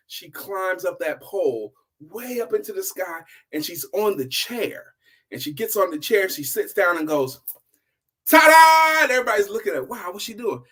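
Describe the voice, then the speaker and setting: An older man telling a children's story in an animated, playful way. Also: a little high. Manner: animated, playful, shouts exclamations.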